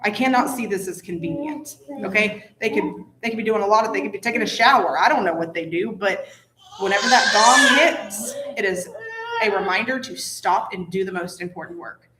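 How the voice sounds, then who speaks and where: A woman hosting a casual Bible study chat, telling stories with lively asides. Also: mid-range voice, brisk. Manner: chatty storytelling, animated asides. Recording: echoey room, faint noise.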